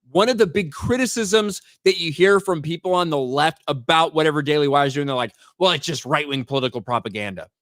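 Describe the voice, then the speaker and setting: A man's voice: fairly high pitch, no room sound, studio quality. A male livestream host in casual commentary. He is blunt and profane, repeats words as he starts sentences, and reads chat names aloud. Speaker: host of a live stream.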